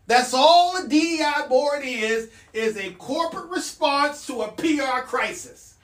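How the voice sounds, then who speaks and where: A man's voice: very high-pitched, expressive, a little slow, few pauses, far from the mic. A man hosting a casual solo podcast, talking bluntly and with a sardonic edge. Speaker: podcast host. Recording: echoey room, off mic.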